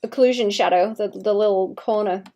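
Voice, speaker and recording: A young woman talks through her painting on a casual livestream, her voice sitting at an ordinary middle pitch. She thinks aloud as she works, trails off mid-sentence, restarts, and mutters little asides to herself. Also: normal speed, dark tone, highs cut off. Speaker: streamer painting live.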